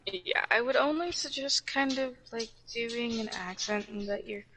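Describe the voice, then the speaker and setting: A woman's voice: fairly high pitch, a little slow, sharp tone, poor audio. Chatty woman giving gaming tips. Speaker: podcast co-host. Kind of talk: casual chat while gaming.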